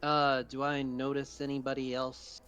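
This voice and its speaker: A man playing a tabletop role-play game, speaking in a relaxed, hesitant way with fillers. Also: medium pitch, normal speed, clear, resonant tone, soft background music. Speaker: player.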